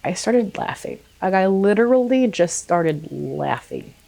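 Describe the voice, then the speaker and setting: A young woman vlogger telling a personal story in a casual way, animated and swearing freely, acting out quotes. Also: medium pitch, a little slow, gravelly.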